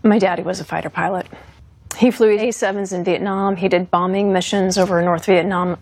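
A woman in her fifties, a former fighter pilot, recounting her experience in an earnest, steady and resolute interview manner. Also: medium pitch, a little fast.

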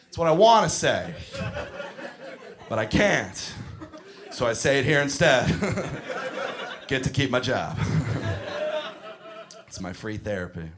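A man's voice: mid-range voice, sing-song, slow, long pauses, crowd noise. A man doing stand-up comedy in an exasperated, profane ranting manner.

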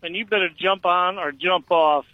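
A man's voice: high voice, steady tone, moderate pace, dry recording, phone-quality sound. A man in his fifties calling a radio show, telling a rambling story and stumbling over his words. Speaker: caller. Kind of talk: phone-in call.

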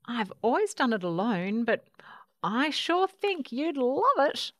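A woman's voice: high-pitched, very animated, slow pace, dry recording, studio quality, voice pushed up, exaggerated voice. A woman voicing a friendly, clumsy male coot bird who stammers eagerly and chatters in a bubbly way.

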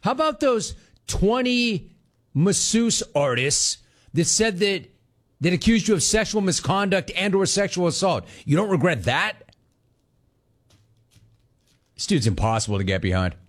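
A man's voice: high-pitched, very animated, unhurried, pauses often. A man hosting a sports talk show, ranting with scorn and sarcasm at a football player.

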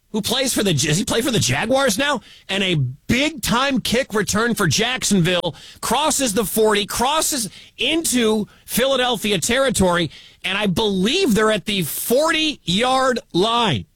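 A man calling a live football game on radio as play-by-play announcer, excitable and building to shouts at big plays. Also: high voice, measured pace, dry recording.

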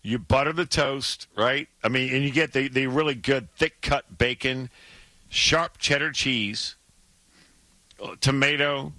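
A man co-hosting a sports radio show in casual chat, animated and emphatic, often repeating words when he gets worked up. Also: mid-range voice, unhurried, no room sound. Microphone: studio microphone.

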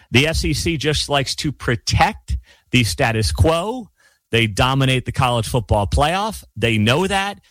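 A man's voice: medium pitch, fairly bright tone, dry recording. A middle-aged man hosting his own sports channel, delivering an emphatic, opinionated monologue with sarcastic asides.

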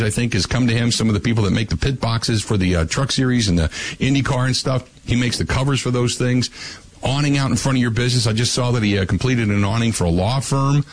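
Blunt, wry radio host. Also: male voice, lowish voice, slight background noise, poor audio. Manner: blunt, wry, reads listener messages aloud. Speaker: radio talk show host. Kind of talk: casual call-in radio talk.

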